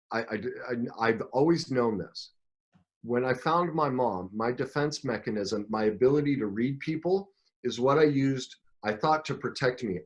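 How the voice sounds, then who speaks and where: A middle-aged man, a coach and podcast guest, telling his own story in an emotional, animated way, with frequent restarts. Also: mid-range voice. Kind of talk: storytelling interview talk.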